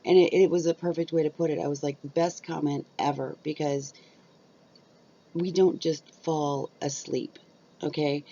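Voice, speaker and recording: Gravelly-voiced woman rambling to camera. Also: low voice, fairly even intonation, normal speed, mellow. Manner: rambling, chatty, frequent fillers. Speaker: YouTuber. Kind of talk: casual chat to camera. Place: at home on her bed. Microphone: cheap built-in camera mic. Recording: dull lo-fi sound.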